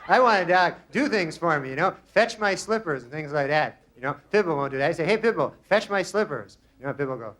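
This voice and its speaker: A man doing a stand-up routine on a comedy club stage, with a drawling deadpan delivery and many "you know?" asides. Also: on the high side, quick pace. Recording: live club recording with loud crowd and noise.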